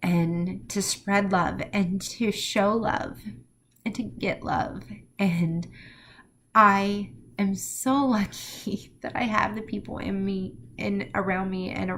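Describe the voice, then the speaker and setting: A woman's voice: mid-range voice, fairly even intonation, takes it slowly, a bit bright, slight background noise. A middle-aged woman talking through a personal vlog in an emotional, heartfelt way, rambling with many fillers. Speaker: vlogger.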